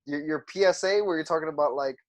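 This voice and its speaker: A man's voice: fairly high pitch, fast talker. A man hosting a podcast interview, friendly and joking with his guest. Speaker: podcast host. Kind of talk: casual interview chat.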